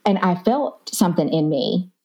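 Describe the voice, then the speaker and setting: Southern woman telling lively stories. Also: fairly low pitch, normal speed. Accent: Southern American. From Southern United States. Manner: animated storyteller who acts out quotes. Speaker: psychotherapist guest. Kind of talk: casual podcast conversation.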